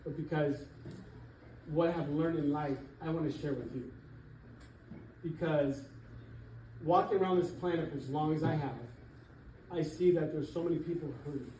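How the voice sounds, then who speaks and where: A man's voice: on the high side, normal speed, long pauses, a little hiss or hum. Emphatic man coaching a roomy hall. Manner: emphatic, animated, laughs between points. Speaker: real estate coach. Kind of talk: motivational seminar talk. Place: church hall with an audience. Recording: echoey hall, voice from far off.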